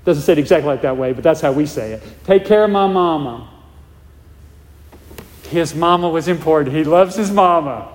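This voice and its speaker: Talking fast with hardly any pauses, a male pastor with a slightly high voice preaches emphatically. He repeats his points and checks in with "all right?" to the congregation; the recording carries a large hall's long reverb.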